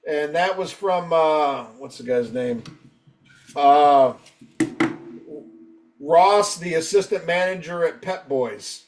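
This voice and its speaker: A man's voice: a little high, slow pace, long pauses, distant mic, slight background noise. A man hosting a podcast, chatting loosely and joking with plenty of swearing. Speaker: podcast host. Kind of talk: casual podcast chat.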